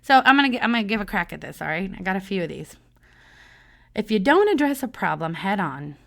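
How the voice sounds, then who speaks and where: A woman's voice: medium pitch, animated, brisk, fairly bright tone. A middle-aged woman hosting a solo podcast, talking casually in a chatty, self-mocking way and laughing often. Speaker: podcast host.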